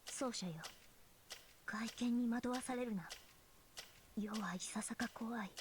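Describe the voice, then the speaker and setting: A woman's voice: fairly high pitch, moderate pace, a little hiss or hum, close to an everyday voice. A woman voicing a regal young female sword-wielding servant in a game, speaking in imperious, archaic royal tones. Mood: grave, wary. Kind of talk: game voice acting.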